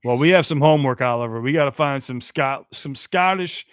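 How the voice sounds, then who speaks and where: An American man hosting a call-in podcast, talking casually and excitedly, often restarting his phrases. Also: mid-range voice, brisk, clear, resonant tone, no echo, clean studio sound. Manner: chatty, repeats himself and restarts phrases. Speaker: podcast host taking calls.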